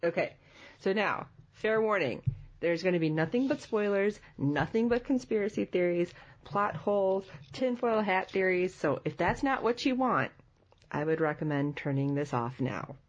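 A woman's voice: on the low side, animated, normal speed, lo-fi sound. A woman hosting a casual group podcast, upbeat and laughing often as she introduces her guests. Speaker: podcast host.

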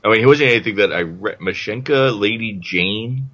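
Low-voiced, wry man on dull audio. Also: normal speed, a bit bright. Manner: wry, teasing interjections. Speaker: podcast co-host. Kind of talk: casual chat.

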